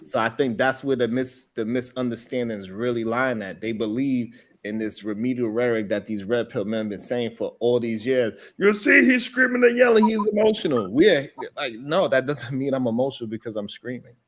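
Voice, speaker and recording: A man's voice: mid-range voice, fairly even intonation, moderate pace, hardly any pauses. Man arguing on a live stream. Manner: argumentative, repeats "right" while cutting in. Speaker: co-host of a live-stream discussion. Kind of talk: casual debate on a live stream.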